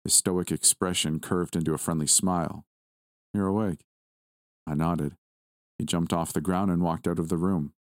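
A man reading a first-person horror story aloud at a steady, measured pace. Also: low voice, no room sound, studio quality. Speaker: story narrator.

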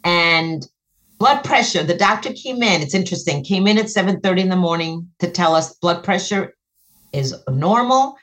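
A middle-aged woman, a guest and author, earnestly telling an emotional personal story, her voice jumping high when she relives moments. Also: animated, normal speed, fairly bright tone.

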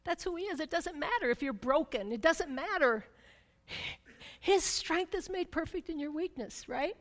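In a sermon echoing through a big hall, a woman with a high voice shares a personal story at a moderate pace, frequently tossing in "right?". She is expressive, moving from forceful, loud stretches to hushed, intense ones, all carried on long reverb.

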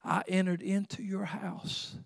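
A man voicing Jesus as a calm, pleading teacher. He asks earnest questions quietly and slowly. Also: high voice, vocal fry, voice pushed up, heavily acted. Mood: gentle.

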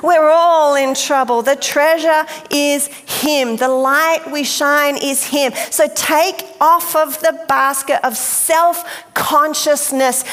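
A woman preaching a sermon, emphatic and deliberate, speaking directly to her listeners. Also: high-pitched, steady tone, fairly bright tone. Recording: long hall reverb.

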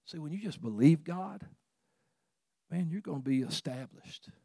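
Male preacher, easygoing conversational sermon, swells and softens, dry close mic. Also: on the high side, expressive, measured pace, dry recording. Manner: folksy, conversational preaching with chuckles; swells louder for emphasis, drops soft for tender points.

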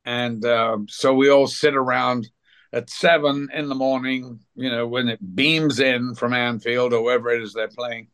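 A man's voice: mid-range voice, flat delivery, moderate pace, a bit bright, clean tone. A man from near Liverpool, a guest actor, answering casually with small hesitations. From England, near Liverpool.

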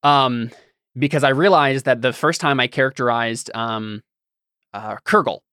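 A man's voice: mid-range voice, unhurried, bright, forceful tone, clean tone, no echo, studio quality. A man hosting a casual podcast chat and talking about running games, explaining in long, loose thoughts. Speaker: podcast host and game master.

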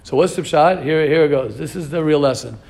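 A rabbi teaching an informal Torah class, animated and questioning his students, mixing in Hebrew terms. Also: a little high, a little fast.

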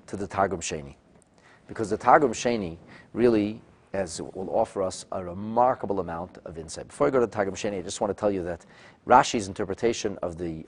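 Low-voiced man giving a lively text lecture. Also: fast talker, slightly rough. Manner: animated, acts out quoted speakers with sudden loud bursts; frequent restarts and repeated words. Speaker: Torah teacher.

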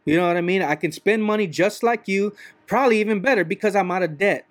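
A man's voice: high voice, fast. A man, a truck driver, talking in a rambling, casual monologue, often repeating "you know what I mean".

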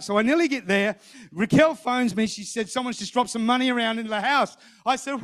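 A middle-aged man preaching a sermon, telling a personal story in an animated way, acting out what others said and repeating phrases. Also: extremely high pitch, brisk.

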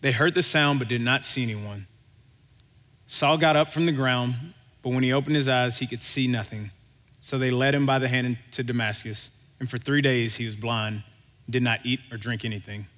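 A man preaching a sermon in an easygoing, conversational voice that livens up as he tells a story and acts out the voices in it. His voice sits at an ordinary middle pitch. A long reverb tail follows him through the hall. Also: steady tone, normal speed, fairly bright tone. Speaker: pastor.

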